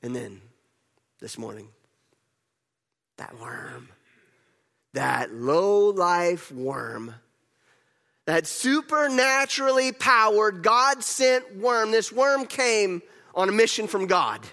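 A man's voice: medium pitch, animated, unhurried, pauses often, fairly bright tone, big-room sound. A man playing Jonah as an angry, sulking prophet, telling his grievances in the first person in a sermon monologue. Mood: exasperated. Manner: petulant, exasperated storytelling in first person.

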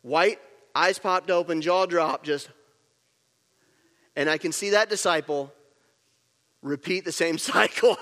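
A man preaching a sermon, telling a story with animated acting-out of the scene. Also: fairly high pitch, a little slow, pauses often, big-room sound. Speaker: pastor.

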